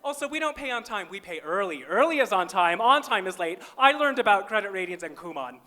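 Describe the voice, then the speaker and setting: High, bright-voiced wry comedian. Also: male voice, sing-song, a little fast. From small-town Minnesota, US. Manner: wry, self-deprecating punchline delivery. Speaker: stand-up comedian. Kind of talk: stand-up comedy set. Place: live on stage at a comedy festival.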